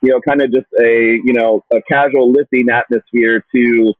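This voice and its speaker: A man's voice: medium pitch, no room sound. Man with a thin phone-like sound. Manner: relaxed, halting, many fillers. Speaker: podcast host. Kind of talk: casual podcast conversation.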